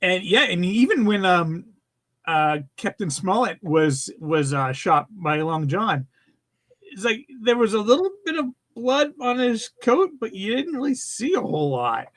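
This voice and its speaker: A man's voice: high-pitched, very animated, measured pace, a bit bright. A middle-aged man co-hosting a podcast, chatting casually and enthusiastically about an old film, rambling with fillers. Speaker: podcast co-host. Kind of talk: casual movie review chat.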